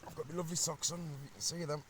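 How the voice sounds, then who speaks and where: A man, speaking at a slightly high pitch. He chats casually inside a small camping tent and tells lively stories full of local slang. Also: racing, a little hiss or hum. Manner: chatty, animated anecdotes with local slang. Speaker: vlogger. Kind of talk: casual chat and storytelling.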